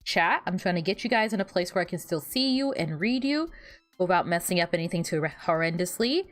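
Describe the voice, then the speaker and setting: A young woman VTuber streamer chatting casually while she fiddles with her setup, animated and giggly, often repeating words and laughing at her own jokes. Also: lowish voice, brisk, faint music behind. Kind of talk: casual livestream chat.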